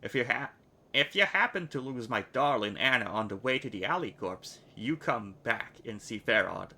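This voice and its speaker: A man's voice: medium pitch, expressive, moderate pace, pushed and bright, full character voice. A man doing a silky, dangerous old fixer. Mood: sly. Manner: silky, dangerous, mock-courteous. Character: sly crippled older man, underworld fixer.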